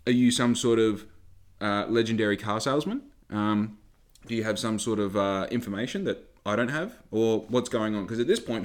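Profane ranting Australian man. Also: mid-range voice. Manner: profane, ranting, rhetorical questions. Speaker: podcast host. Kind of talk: comedic rant podcast.

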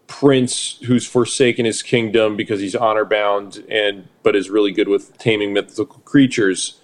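A man's voice: on the low side, steady tone, normal speed. A man co-hosting a podcast, chatting casually about a movie in a rambling, jokey way with many fillers. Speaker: podcast co-host. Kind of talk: casual movie review chat.

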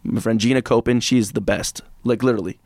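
A man co-hosting a casual sports podcast, jokey and quick to go off on rants. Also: mid-range voice, dry recording. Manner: animated, jokey, prone to rants. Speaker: podcast co-host. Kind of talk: casual sports betting chat.

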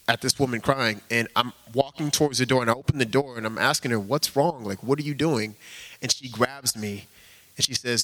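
A man's voice: medium pitch, fairly bright tone, rough recording. A man preaching an informal sermon, earnest and conversational, often slipping in casual fillers as he talks.

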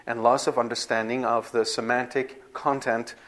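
A man's voice: medium pitch, level tone, moderate pace, fairly bright tone. Man lecturing on scripture, checking in often. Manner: explanatory, repeats himself with frequent "right?" checks and restarts. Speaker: Bible teacher. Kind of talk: classroom lecture.

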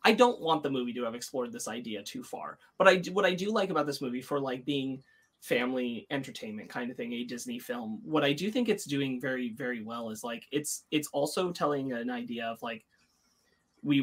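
A man's voice: medium pitch, a bit bright, husky. A man co-hosting a podcast, talking through a film in a thoughtful, rambling way with many restarts. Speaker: podcast co-host. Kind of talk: casual film discussion.

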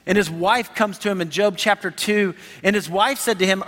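A man preaching a sermon as pastor, animated and conversational, acting out the voices he quotes. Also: sits high, moderate pace, few pauses. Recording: reverberant hall.

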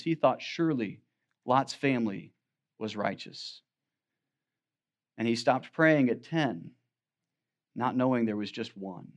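A man's voice: mid-range voice, darkish tone, muffled recording. A man preaching a sermon as pastor, quoting scripture in old-fashioned wording.

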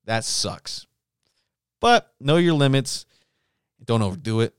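A man's voice: medium pitch, takes it slowly, smooth, dry recording, clean studio sound. Profane ranting male podcast host. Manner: profane, animated storytelling. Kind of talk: solo casual rant.

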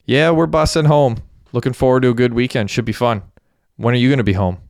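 A man's voice: medium pitch, fast talker, darkish tone, no echo, clean studio sound, pitched above the performer's own voice, close to an everyday voice. Narrator doing a sly cheerful young guy, mock-polite, breezy.

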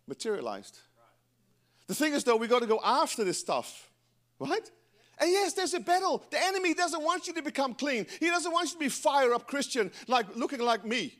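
A middle-aged man preaching a sermon in church, animated and breaking into joking asides to the congregation. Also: extremely high pitch. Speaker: pastor.

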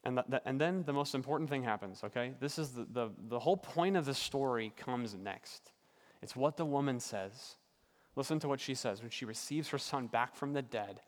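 An earnest male pastor delivers a sermon, building his points through repetition. He often softens for emphasis, his mid-pitched voice trailing into the long reverb of a large hall. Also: moderate pace.

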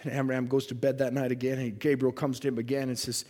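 A man preaching a sermon, retelling a Bible story in an animated, dramatic way. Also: medium pitch, fast talker. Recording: echoey hall reverb.

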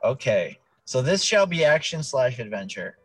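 A man's voice: medium pitch, moderate pace, slightly rough. Guy on a podcast reading trivia cards, goofy and bouncy, voice swings all over, faint music behind. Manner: playful, jokey, animated. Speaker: podcast co-host, quiz reader. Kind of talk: casual chat.

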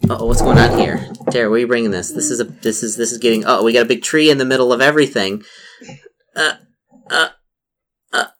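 A woman narrating a tabletop role-play game as game master, chatty and halting as she quizzes her player. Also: extremely low pitch, steady tone.

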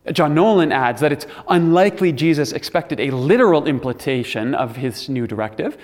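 A man's voice: mid-range voice, big-room sound. A man giving a sermon, reflective and earnest, with the odd dry aside. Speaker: preacher.

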